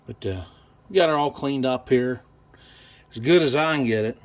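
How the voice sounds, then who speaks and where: A man in a home garage walks through a carburetor rebuild in an unhurried, rambling way, thinking aloud and swearing often. His voice sits at an ordinary middle pitch, and a faint hum of noise sits behind him. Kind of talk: casual workshop how-to.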